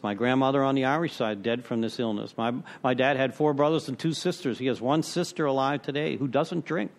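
A man sharing his personal recovery story with a group, conversational and self-deprecating, full of "you know" and repeated phrases. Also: mid-range voice. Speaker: speaker at a recovery meeting.

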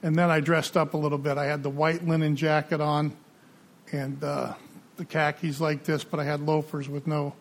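A man's voice: on the high side, flat delivery, normal speed. A middle-aged man, the guest speaker at a recovery meeting, telling his personal story in a conversational way and acting out the dialogue he quotes.

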